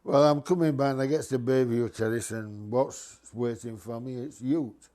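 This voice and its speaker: An older man, a former bus driver, telling a lively, mischievous anecdote in casual dialect. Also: medium pitch, normal speed.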